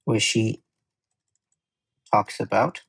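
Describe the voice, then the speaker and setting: A man's voice: fairly low pitch, extremely slow, vocal fry, fairly bright tone, slightly rough, rough recording. A man tutoring English in a casual exam walkthrough, chatty and often correcting himself as he thinks aloud.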